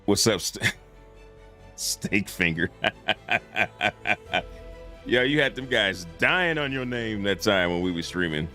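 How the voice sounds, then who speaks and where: A man streaming live, reacting casually to game videos in a relaxed, slangy way and chuckling often. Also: on the low side, takes it slowly, pauses often, faint music behind.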